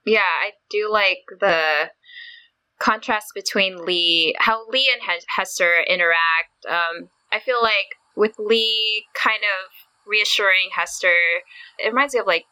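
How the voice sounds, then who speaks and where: A woman co-hosting a podcast in casual chat, thoughtful and measured. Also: medium pitch, bright, forceful tone, smooth, no room sound, rough recording.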